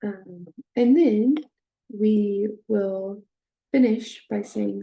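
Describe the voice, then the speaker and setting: Slow, gravelly-voiced woman teaching. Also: medium pitch, warm tone. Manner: hesitant, many fillers, models phrases slowly with heavy stress. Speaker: speech therapy instructor. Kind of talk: instructional demonstration.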